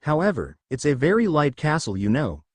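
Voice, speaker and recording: A man's voice: fairly high pitch, huge pitch swings, a little fast, no echo. Man reading as a bored, teasing demon king. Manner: lazy, teasing, offhand.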